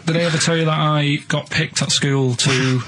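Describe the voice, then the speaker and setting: A man on a radio show telling odd stories in a halting, deadpan way, full of restarts. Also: a little high. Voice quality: plain flat way of speaking, halting with many restarts. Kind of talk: rambling deadpan storytelling. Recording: noisy radio studio recording.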